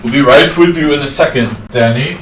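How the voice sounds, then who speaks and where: A man's voice: fairly high pitch, brisk, fairly bright tone, slight background noise. A man streaming live, giving casual, chatty chess commentary. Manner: chatty, rambling.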